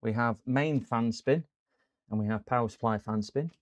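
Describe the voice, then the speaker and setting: A man's voice: mid-range voice, normal speed, no echo. A man chatting through a live computer repair stream from his workshop. He rambles and talks to his viewers as he works. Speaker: repair channel host.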